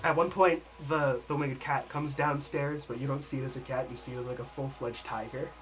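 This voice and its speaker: A man narrating as game master in a livestreamed tabletop game, casual and quick to laugh. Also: medium pitch, fairly even intonation, over music, rough recording.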